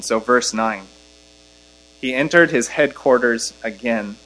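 On poor audio, a man with a fairly bright tone preaches an expository sermon. He reads scripture aloud and builds his arguments with increasing force, growing louder and higher on key lines and slowing deliberately when stressing the text.

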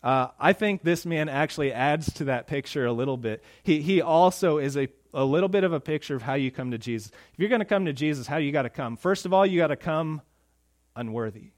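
High male pastor, conversational sermon delivery, punches up the quoted lines. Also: animated, brisk. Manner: conversational preaching, rising and louder when quoting speakers.

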